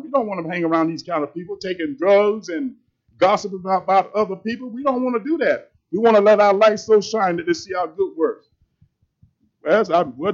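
A man's voice: high-pitched, lo-fi sound. A man preaching a sermon in a plain-spoken, emphatic, conversational way.

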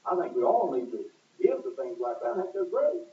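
Fiery preacher on a tinny echoey tape. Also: male voice, high voice, wildly swooping pitch, fairly quick. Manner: emphatic, rising and falling with sudden loud stresses. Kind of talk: sermon. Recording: echoey, distant, tinny lo-fi recording.

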